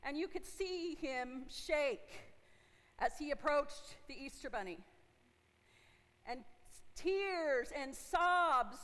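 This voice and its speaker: A woman's voice: sits high, a bit bright. A woman in her forties, a pastor giving a conversational sermon and asking her congregation questions. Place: church sanctuary. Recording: long hall reverb from a church.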